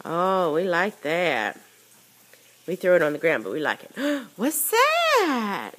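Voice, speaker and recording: A woman's voice: fairly low pitch, wildly swooping pitch, takes it slowly, fairly bright tone. A mother in a home video, talking to her toddler in sing-song, coaxing baby talk.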